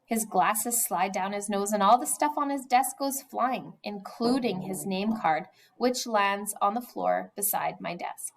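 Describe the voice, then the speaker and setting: A woman's voice: mid-range voice, unhurried, few pauses, a little hiss or hum, poor audio. A woman reading a children's novel aloud, telling it expressively and sometimes dropping to a whisper. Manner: expressive storytelling, drops to a whisper at times. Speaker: reader.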